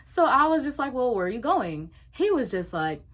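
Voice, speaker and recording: A young woman vlogger telling a casual story, animated, swearing freely and acting out what people said. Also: a little high, normal speed.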